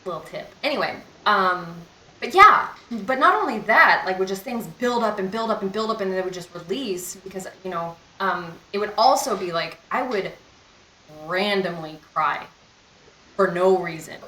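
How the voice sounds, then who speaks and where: A woman's voice: mid-range voice, expressive, moderate pace, sharp tone, reverberant, poor audio. A young woman in a casual storytime vlog, talking candidly and rambling, with lots of "like" and "you know.". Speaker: vlogger.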